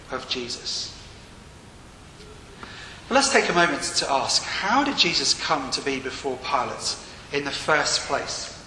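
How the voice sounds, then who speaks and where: A man's voice: a little high, bright, forceful tone. A man preaching a sermon in a church, earnest, with rising and falling emphasis. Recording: echoey hall with long reverb and faint room noise.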